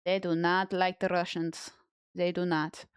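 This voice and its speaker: A woman's voice: on the low side, little pitch movement, measured pace, smooth, no echo, clean studio sound. A young woman streaming, chatting bluntly and jokingly with her live chat and reading messages aloud. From Australia.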